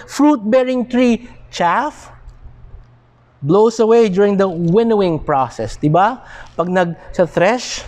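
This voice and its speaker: A man with a Filipino accent preaching a sermon, deliberate and emphatic, now and then switching into Tagalog. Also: high voice, a little mellow. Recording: long hall reverb.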